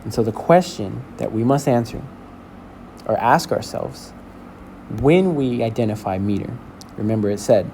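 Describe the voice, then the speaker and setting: A male teacher walking a class through a lesson, explaining slowly and checking in with "okay?". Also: lowish voice, creaky, warm tone, a little hiss or hum. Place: school building.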